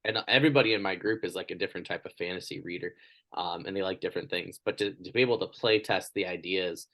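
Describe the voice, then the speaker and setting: A man hosting a podcast interview, chatting casually and telling stories with lively energy. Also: low voice, quick pace. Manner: animated, energetic storytelling. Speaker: podcast host.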